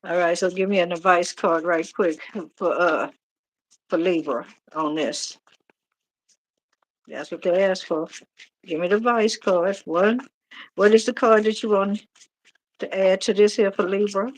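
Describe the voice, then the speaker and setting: Middle-aged woman, animated tarot reader on a casual live stream. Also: lowish voice, a little slow, pauses often. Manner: chatty, animated, talks to viewers directly.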